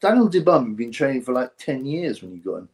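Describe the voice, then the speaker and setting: Brief: male stream host, mid-pitched, rambling and mocking, chats to viewers between jabs of mimicry. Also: sing-song, fast talker, darkish tone. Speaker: boxing live-stream host. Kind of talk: casual live-stream chat reading viewer comments.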